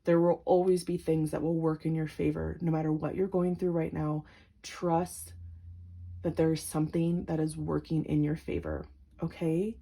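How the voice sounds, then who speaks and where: A woman doing a pick-a-card tarot reading to her viewers, gentle and emotional, with lots of filler words. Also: sits low, level tone, moderate pace, vocal fry, slightly rough. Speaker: tarot reader.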